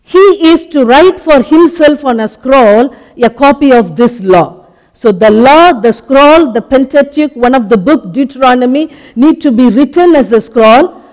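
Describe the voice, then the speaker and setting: Slow high-voiced preacher in a hall. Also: male voice. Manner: slow, deliberate teaching with many short pauses. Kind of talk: sermon. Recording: long hall reverb.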